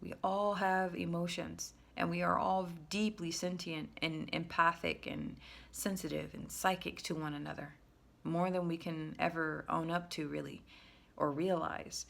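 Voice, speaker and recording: A woman giving a frank, rambling self-help monologue, often restarting her sentences and jumping up in pitch when she makes a point. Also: steady tone, unhurried, vocal fry, a bit bright. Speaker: spiritual self-help creator. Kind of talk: casual spoken monologue.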